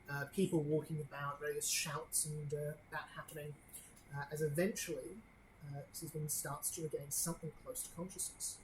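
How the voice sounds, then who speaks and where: A woman narrating as game master of a tabletop game, halting and filling pauses with "uh" and "you see". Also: low voice, slight background noise, poor audio.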